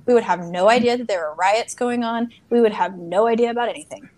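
A woman's voice: fairly high pitch, quick pace, darkish tone. A woman in casual conversation who talks in a chatty way and often fills her speech with "like" and "you know".

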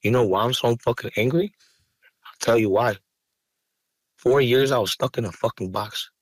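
A man's voice: medium pitch, normal speed, breathy edge, no room sound. Podcast guest: man, heated and profane, dry close studio sound. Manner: raw, angry, profane, rising to heated outbursts. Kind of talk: emotional interview talk.

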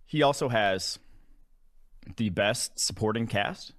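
A young man from Wisconsin co-hosting a football podcast in loose, casual chat full of restarts. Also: fairly low pitch. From Wisconsin, USA. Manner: quick, loose talk with many restarts and fillers. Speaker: football analyst, co-host.

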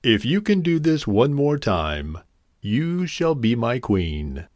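A man's voice: medium pitch, very animated, unhurried, vocal fry, darkish tone, no room sound, studio quality, pitched above the performer's own voice. A man voicing a demanding king in a storybook reading, with a commanding manner.

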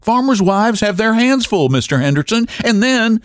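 A man's voice: high voice, very animated, moderate pace, dry recording, clean studio sound, pitched above the performer's own voice. A man voicing a blunt, testy, sturdy middle-aged farm woman in an audiobook. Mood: guarded.

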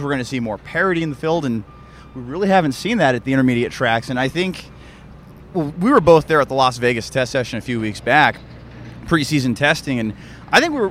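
A young man speaks quickly and eagerly as a podcast guest outdoors, often stumbling and restarting mid-sentence. His pitch is middling, and a faint hum of outdoor ambience sits behind his voice. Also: fairly bright tone. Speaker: podcast guest, racing reporter. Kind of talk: casual chat. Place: outdoors at a racetrack.

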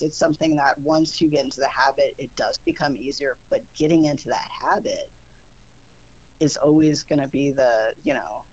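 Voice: medium pitch, dull audio. A podcast guest talking casually, explaining ideas at length and thinking aloud with fillers along the way.

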